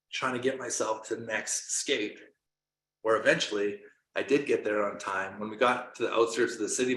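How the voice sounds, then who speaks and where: A middle-aged man from Canada, a coach giving an earnest motivational talk, telling stories that swing from quiet to loud. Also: lowish voice. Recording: roomy echo.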